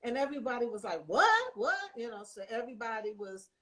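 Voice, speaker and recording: Animated older woman telling stories. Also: a little high, fast talker. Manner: lively storyteller acting out quotes. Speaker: guest. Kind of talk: storytelling in casual chat.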